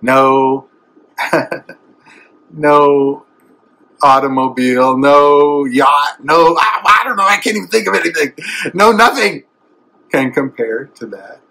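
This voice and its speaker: Middle-aged evangelist, husky bright voice, tender and emotional preaching. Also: male voice, a little high, takes it slowly, pauses often, low-quality recording. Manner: emotional, tender, swelling to emphatic. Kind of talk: sermon.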